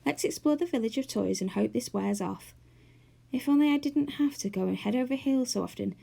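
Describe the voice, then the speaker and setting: A woman's voice: fairly high pitch, normal speed, creaky, warm tone, slightly rough, pitched above the performer's own voice, full character voice. A woman doing a bossy young toy boy. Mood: weary. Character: bold boy turned toy, tumbling about.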